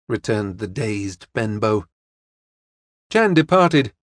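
A man narrating a detective novel as an audiobook in a steady, measured way. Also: mid-range voice, no echo, clean studio sound.

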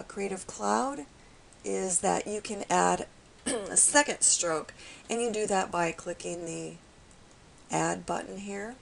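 A woman with a raspy voice today, calmly walking viewers through a step-by-step software tutorial. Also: medium pitch, a little hiss or hum, rough recording. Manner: calm, explanatory, with frequent fillers.

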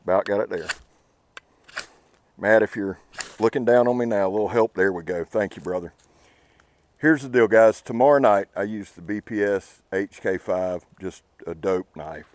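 A man's voice: on the low side, moderate pace, long pauses. A man hosting an outdoor channel, talking earnestly and casually to the camera beside a campfire. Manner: earnest, heartfelt, laid-back. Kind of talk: casual talk to camera by a fire.

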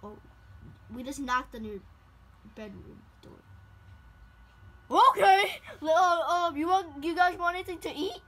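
A woman play-acting a plush-toy scene. She talks in an excitable, exclamatory way and often squeals or bursts into giggles. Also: extremely high pitch, a little slow, pauses often. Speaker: toy video creator voicing plush characters.

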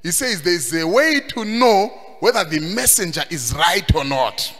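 A man preaching a sermon, emphatic and sing-song, rising at times to shouts. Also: high-pitched, expressive, moderate pace. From Zimbabwe. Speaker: pastor. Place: church hall. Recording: long hall reverb.

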